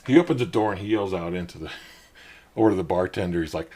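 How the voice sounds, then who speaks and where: Middle-aged guy, lowish husky voice, rambly storytelling, gets lively quoting folks. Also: quick pace. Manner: rambling, animated when quoting others. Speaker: podcast host. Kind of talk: casual storytelling.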